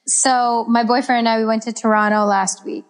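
A woman co-hosting a podcast, talking in a casual, unhurried way. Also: a little high, flat delivery, clear, resonant tone, long reverb tail. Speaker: podcast co-host. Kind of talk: casual chat.

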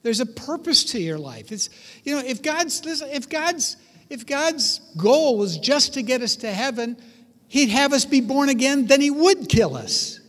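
A man preaching a sermon, telling stories with animated delivery and acting out voices. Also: very high-pitched, measured pace, long reverb tail. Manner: animated storytelling, acts out voices. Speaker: pastor.

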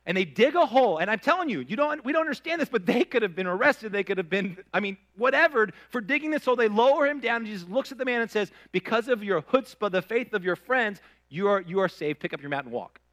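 A man preaching a sermon, telling stories with dramatic swings from hushed to loud. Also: high voice, lively intonation, quick pace, few pauses. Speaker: pastor.

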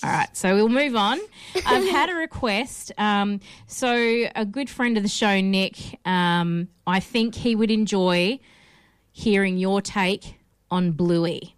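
A woman's voice: mid-range voice, slow pace, smooth, no echo, studio quality. An Australian woman hosting a casual film podcast, chatty and rambling with lots of ums and restarts. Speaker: podcast host.

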